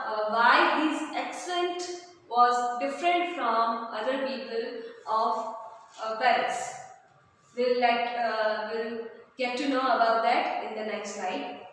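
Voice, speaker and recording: A woman teaching a textbook chapter, explaining it slowly and stopping often to gloss words, with fillers. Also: a little high, a bit bright. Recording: echoey room from far off, faint noise.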